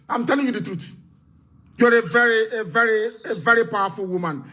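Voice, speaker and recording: A man hosting a live call-in broadcast, speaking in forceful, repetitive oratory. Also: sits high, a little fast. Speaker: host.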